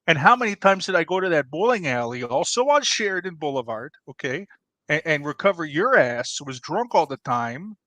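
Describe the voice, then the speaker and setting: A man's voice: fairly high pitch, sing-song, moderate pace, sharp tone, no room sound. A man doing a blustery pizzeria boss. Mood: scolding. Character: brash middle-aged male pizzeria owner, bossy know-it-all. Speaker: debater in a comedy sketch. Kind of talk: improvised comedy debate.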